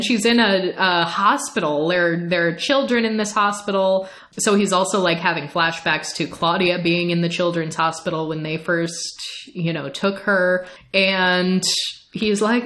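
Woman, podcast co-host, casual talker, acts out characters mid-story, laughs a lot. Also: mid-range voice. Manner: animated retelling, acting out characters in quick voices; laughs often. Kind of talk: casual book discussion.

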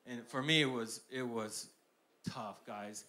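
A young man preaching a sermon, shifting between hushed personal storytelling and loud, emphatic declarations with lots of repetition. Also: mid-range voice, slow pace.

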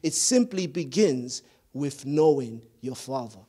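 A man's voice: medium pitch, animated, unhurried, dark tone, slightly rough. A man preaching a sermon as pastor, with a repetitive, emphatic cadence and occasional stumbles over words. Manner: stumbles and repeats words when searching.

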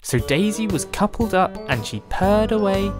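A narrator reading a railway storybook with a gentle, lively manner, over music. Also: mid-range voice, normal speed.

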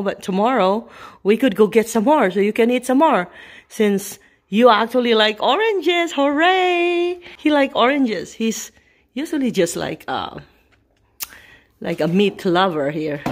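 Slow, cooing woman vlogger. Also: mid-range voice. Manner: coos baby-talk at her dogs, fondly. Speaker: vlogger filming her pets. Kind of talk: casual chat. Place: home indoors at night.

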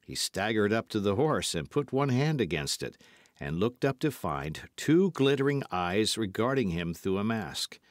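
Casting: male audiobook narrator, low voice, lively delivery, dry close sound. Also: moderate pace, no room sound. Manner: lively, dramatic storytelling. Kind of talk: scripted narration.

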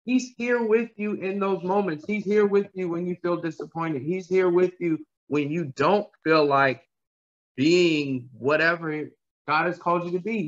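A man's voice: high-pitched, a little slow. A man preaching a sermon with passion, repeating phrases and asking his congregation to answer back. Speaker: pastor. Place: church. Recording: dull lo-fi sound.

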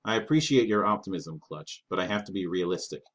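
A man's voice: low-pitched, lively intonation, a little fast, a bit bright. A man voicing a wounded male warrior who speaks in a dry, resigned, world-weary way.

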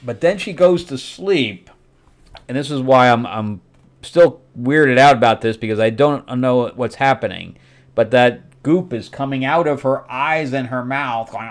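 A middle-aged man hosting a casual comic book review, recapping the plot loosely with fillers and acting out quotes. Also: mid-range voice. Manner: rambling recap with fillers and quick acted quotes.

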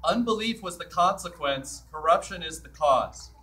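A man's voice: a little high, expressive, moderate pace, bright, forceful tone, recorded from a distance, poor audio. A man preaching a sermon as a priest in a church, in a conversational way that acts out the scripture quotes.

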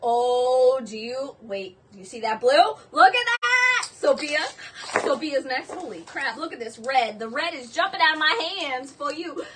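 High, gushing woman selling jewelry. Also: a little slow, distant mic, a little hiss or hum. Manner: gushing, excitable, exclaiming. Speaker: live jewelry sale host. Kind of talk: live-stream selling.

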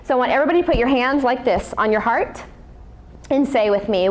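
A woman teaching a yoga class to children in a bright, coaxing, encouraging way. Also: high-pitched, animated, fairly quick. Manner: upbeat, coaxing, talks to children. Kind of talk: guided kids yoga class.

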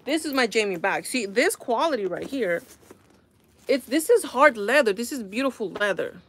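A young woman hosting a casual live stream, talking to her viewers in an exasperated, animated way. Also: a little high, moderate pace, breathy edge.

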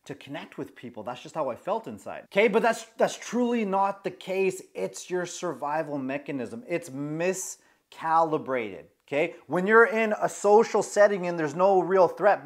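A man's voice: high-pitched, lively intonation, moderate pace. A man of about forty giving advice on social anxiety through a personal story, emphatic and constantly checking in with "okay?".

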